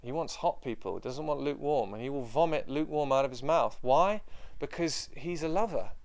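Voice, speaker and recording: A man's voice: a little high, lively intonation, brisk. A man preaching a sermon to a room of listeners, impassioned and emphatic, repeating his points. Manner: impassioned, emphatic and repetitive, dropping to quiet prayer.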